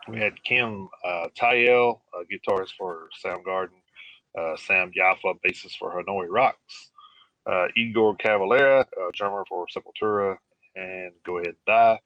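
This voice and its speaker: A man co-hosting a live radio show talks in a low, bright and forceful voice. He pauses often and fills the gaps with "uh" as he reads through lists. The sound is dry and close, with no room echo. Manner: halting, filler-heavy reading of lists. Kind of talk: casual live radio chat.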